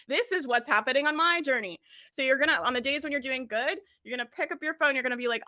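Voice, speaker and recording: Energetic woman coach, bright voice pitched a touch high, talks straight to her audience with frequent laughs. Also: quick pace. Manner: energetic, laughs often, addresses listeners directly. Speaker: business coach. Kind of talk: motivational coaching talk.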